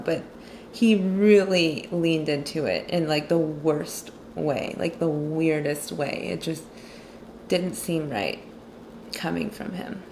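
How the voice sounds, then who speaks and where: A woman's voice: on the low side, vocal fry, a little hiss or hum. A young woman chatting casually and sarcastically about a movie while she draws, rambling with lots of fillers. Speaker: vlogger recapping a movie while drawing. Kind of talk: casual chat.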